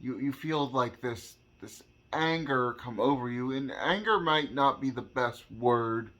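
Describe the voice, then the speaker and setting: A man speaks slowly and deliberately, often stopping and repeating a word before going on. His tone is earnest and personal, the voice of someone explaining a subject he has lived through to viewers. His pitch sits in a middle range for a man. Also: bright, forceful tone. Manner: slow, halting, repeats words while searching for phrasing; earnest, speaks from own experience. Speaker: vlogger.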